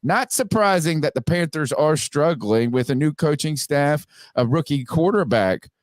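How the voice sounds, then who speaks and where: A man hosting a sports podcast, upbeat and quick with his plugs. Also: fairly high pitch, animated, dry recording. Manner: upbeat, promotional, rapid plugs. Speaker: podcast host. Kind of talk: casual sports podcast talk.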